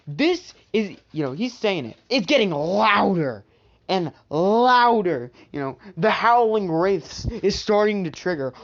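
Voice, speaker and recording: A storyteller improvising a fan-made what-if story, rambling with many filler asides. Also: medium pitch. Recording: dull lo-fi recording.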